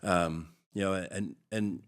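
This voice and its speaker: A man's voice: deep voice, fairly even intonation, slow. A middle-aged man from Hawaii, a podcast guest telling his life story in an earnest, rambling way full of fillers. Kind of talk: personal storytelling interview.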